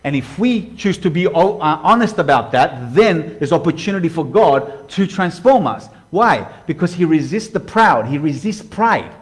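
A man preaching to a live congregation, conversational and direct, asking the room questions and swinging between hushed and loud. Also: on the high side, sing-song, moderate pace, hardly any pauses. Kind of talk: sermon. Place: church hall before a live congregation.

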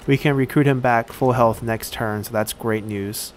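A man giving casual let's-play commentary while he plays a strategy game, thinking aloud and pausing often on fillers. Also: medium pitch, steady tone, a little hiss or hum. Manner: thinks aloud, halting with frequent "uh".

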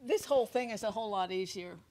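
A woman's voice: medium pitch, quick pace, a little mellow. A woman hosting a television talk show, chatting and telling funny stories during a cooking segment. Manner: chatty storyteller, jokey. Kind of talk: casual chat on a cooking segment.

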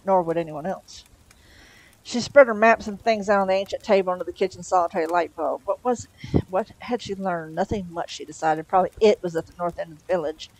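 A woman reading a novel aloud in a relaxed, conversational way. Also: lowish voice, gravelly, low-quality recording. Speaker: storyteller.

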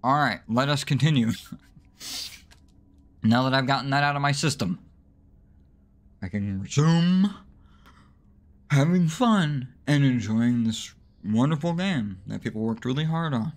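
A gamer man narrates his playthrough with a very lively voice that swings all over the place. He swears freely and rants at himself in exasperation, and he breaks into sudden high-pitched yelps when things go wrong. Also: a little slow, pauses often. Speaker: let's play gamer. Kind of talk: live gameplay commentary.

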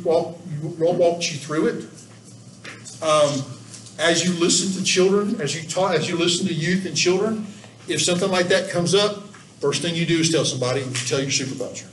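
A church volunteer trainer gives a training talk laced with anecdotes in a church room, speaking in a folksy, earnest, emphatic way with a fairly high-pitched voice. The recording is echoey, with a distant mic and faint background noise.

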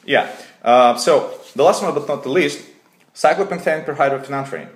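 A man with a Russian accent hosting a deadpan comedy recipe video, hesitating often with fillers. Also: fairly high pitch, normal speed. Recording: echoey room.

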